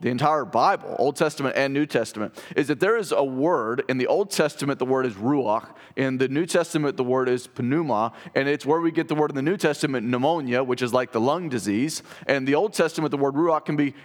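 Man preaching a sermon in a reverberant hall. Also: mid-range voice. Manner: earnest, explanatory, reads scripture slowly with emphasis. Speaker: pastor.

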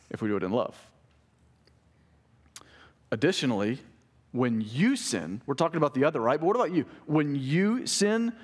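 Man preaching in a conversational tone. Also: a little high. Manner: conversational preaching, acts out quoted voices. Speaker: pastor. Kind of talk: sermon.

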